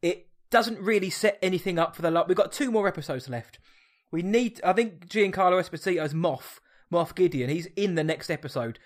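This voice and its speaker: Casting: male co-host, eager casual reviewer, a touch higher pitched. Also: fairly quick. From Essex, England. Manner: enthusiastic, reviewing an episode. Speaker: podcast co-host. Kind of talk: casual chat.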